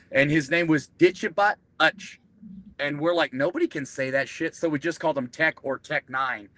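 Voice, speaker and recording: Bright-voiced, profane veteran storyteller man. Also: mid-range voice, dry recording, rough recording. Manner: profane, animated, acts out quotes. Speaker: guest, military veteran. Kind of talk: casual chat, storytelling.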